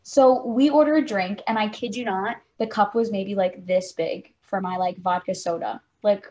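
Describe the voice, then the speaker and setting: On a muffled recording, a young woman in her twenties tells a story casually while co-hosting a podcast. She speaks at a moderate pace with a medium-pitched, darkish tone. Chatty throughout, she fills her speech with "like" constantly.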